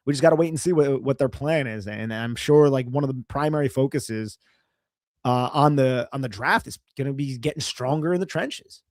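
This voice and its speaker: Relaxed man in casual sports chat. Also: mid-range voice, normal speed, dry recording, studio quality. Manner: relaxed, filler-heavy, reads viewer comments. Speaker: podcast co-host.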